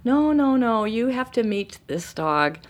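A middle-aged woman telling a personal story in a casual, animated way, acting out what people said. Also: fairly high pitch, a little slow. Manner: animated, acts out quoted voices. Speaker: storyteller guest.

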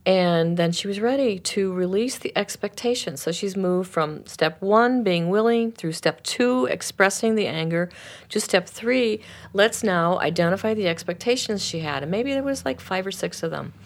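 Animated woman telling a workshop story. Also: medium pitch, normal speed. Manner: animated, acts out the voices in her stories. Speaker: anger and forgiveness workshop leader. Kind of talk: storytelling in a conversation.

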